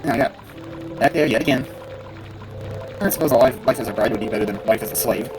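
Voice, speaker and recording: A man's voice: medium pitch, brisk, over music. A man giving casual gameplay commentary, muttering to himself and bursting into cursing rants. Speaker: gamer playing a role-playing game.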